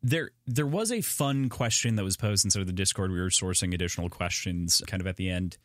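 A man's voice: low-pitched, fairly quick, no room sound, clean studio sound. A man from Minnesota with a Minnesotan accent, hosting a casual book podcast, rambling, profane and jokey. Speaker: podcast host.

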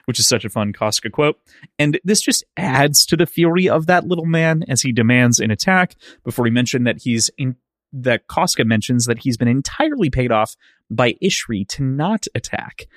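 A man's voice: mid-range voice, sing-song, normal speed, dry recording, clean studio sound. A man co-hosting a casual book discussion podcast, recapping scenes thoughtfully with a lot of "like" and "sort of". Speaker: podcast co-host.

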